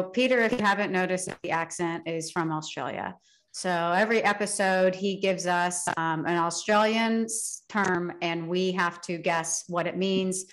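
A woman's voice: on the low side, fairly bright tone. A woman co-hosting a podcast in casual chat, bubbly and teasing, laughing easily. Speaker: podcast co-host.

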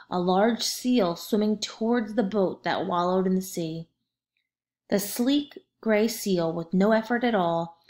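A woman's voice: medium pitch, darkish tone. Woman reading a storybook aloud. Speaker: narrator.

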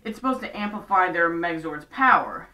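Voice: medium pitch, animated, fairly quick, bright, forceful tone. A casual show recap vlogger, chatty and throwing in sarcastic asides. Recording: roomy echo, distant from mic.

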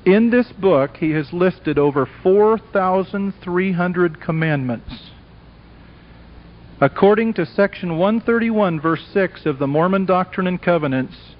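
A man giving an evangelistic lecture to a live audience, delivering it dramatically and emphatically and acting out the voices of characters in a story. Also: a little high. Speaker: Christian speaker. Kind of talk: evangelistic lecture with acted dialogue. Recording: dull lo-fi old tape recording.

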